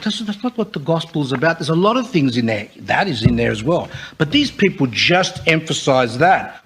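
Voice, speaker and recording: A man's voice: a little high, expressive, fairly quick, a bit bright, a little hiss or hum. A man, a priest, giving an informal, conversational sermon, with frequent fillers and acted-out quotes of other people.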